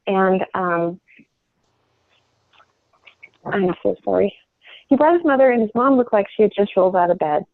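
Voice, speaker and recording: A woman's voice: medium pitch, measured pace, long pauses, no echo. Middle-aged woman, sales trainer, earnest and rambling with restarts, heard on a tinny phone line. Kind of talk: coaching call on sales. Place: home.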